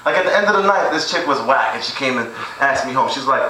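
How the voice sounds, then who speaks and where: A man's voice: mid-range voice, lively intonation, fast, over a noisy crowd. A young man rehearsing crude stand-up jokes at home, rambling and laughing at his own material. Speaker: amateur stand-up comic. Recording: echoey room, far from camera mic.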